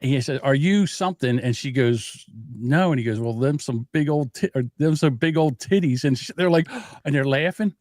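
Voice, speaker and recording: A man's voice: medium pitch, normal speed, hardly any pauses, a little mellow, no room sound. A middle-aged man hosting a podcast from his home studio, telling rambling stories and acting out other people's voices. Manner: rambling storyteller who acts out other voices. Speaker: podcast host. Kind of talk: casual chat.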